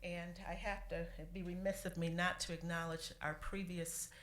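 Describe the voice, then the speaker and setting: A woman serving as city clerk gives a heartfelt, halting tribute at a council meeting, pausing often and fighting back tears. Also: fairly low pitch, flat delivery, fairly bright tone. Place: council chamber. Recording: echoey chamber with faint room noise.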